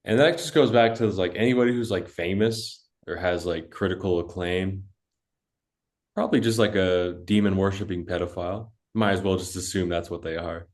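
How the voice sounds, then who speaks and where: A young man with a very low, deep voice rambles through a story on a casual podcast. He cusses freely and leans on "dude" and "like" as he talks. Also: fairly even intonation, moderate pace. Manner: rambling storytelling, heavy cussing, lots of "dude" and "like". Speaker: podcast co-host.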